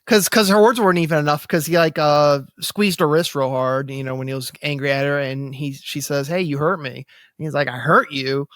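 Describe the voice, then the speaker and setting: A man's voice: on the high side, fairly even intonation, a little fast, no room sound, studio quality. A man co-hosting a podcast, rambling casually with lots of fillers and restarts. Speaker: podcast co-host. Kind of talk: casual chat.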